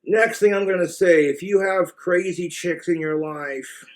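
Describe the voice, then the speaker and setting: A man's voice: high voice, measured pace. A man with an American accent giving blunt, crude, rambling relationship advice in a casual monologue to the camera.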